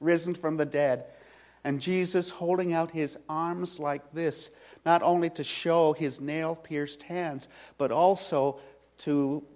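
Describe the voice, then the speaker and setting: A male pastor with a fairly high-pitched voice preaches in a church sanctuary. Retelling a story at a slow pace, he shifts dramatically from loud passages to hushed ones.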